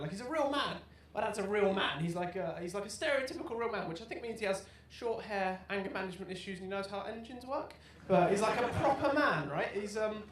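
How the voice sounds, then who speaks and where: A man's voice: sits high, a little hiss or hum. Self-deprecating young male stand-up comic. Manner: self-deprecating storytelling, bursts into loud shouted punchlines. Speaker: stand-up comedian. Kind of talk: stand-up comedy set. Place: comedy club stage with live audience. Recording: roomy live venue sound. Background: audience laughter.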